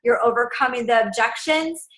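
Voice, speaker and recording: Bright-voiced woman coaching sales. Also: fairly high pitch, moderate pace, rough recording. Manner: upbeat, direct, instructional. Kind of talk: casual coaching talk.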